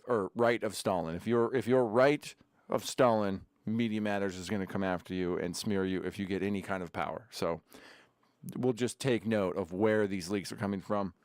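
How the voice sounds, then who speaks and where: A man's voice: lowish voice, darkish tone, clear, resonant tone, no echo, studio quality. Chatty man hosting a livestream. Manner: chatty, rambling, sarcastic asides while sipping beer. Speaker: livestream host. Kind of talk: casual livestream commentary. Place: home studio. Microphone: desk camera setup.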